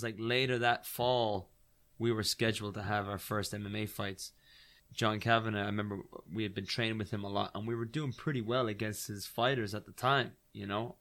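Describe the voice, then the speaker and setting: A man in his thirties, a former fighter, telling a story in an animated, rambling way full of "like" and "right?". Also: on the low side. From Ireland. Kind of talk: casual storytelling.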